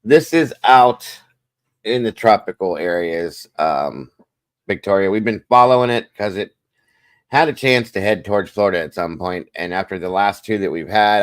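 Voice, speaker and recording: Very deep-voiced man hosting a casual livestream. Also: no echo. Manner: chatty, greets and thanks viewers by name; relaxed, rambling, reads chat aloud. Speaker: livestream host.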